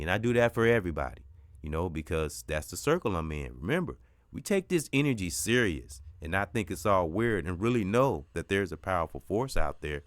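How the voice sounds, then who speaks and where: A man's voice: deep voice, dry recording. A middle-aged man hosting a podcast, giving an emphatic, preachy spiritual pep talk that repeats its points and swears now and then. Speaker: podcast host.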